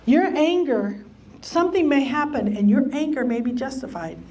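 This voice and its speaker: A woman's voice: sits high, expressive, moderate pace, darkish tone. A woman teaching a church lesson on relationships, emphatic, repeating key phrases and acting out what people might say. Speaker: church Bible study teacher. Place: church meeting room.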